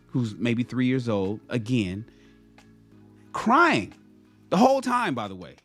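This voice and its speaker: Male vlogger, casual storyteller, very expressive pitch, repeats himself mid-thought, soft music under the voice. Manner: animated, repeats and restarts phrases. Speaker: motivational vlogger. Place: home in Los Angeles.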